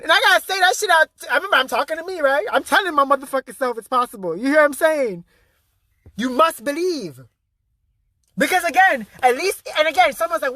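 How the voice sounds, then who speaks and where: An intense man preaches a motivational vlog monologue in a high, bright, forceful voice. He swears freely and hammers his key phrases again and again. The sound is close and dry. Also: animated, a little fast, no room sound. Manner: intense, emphatic and profane, repeating key phrases. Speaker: spiritual motivational speaker.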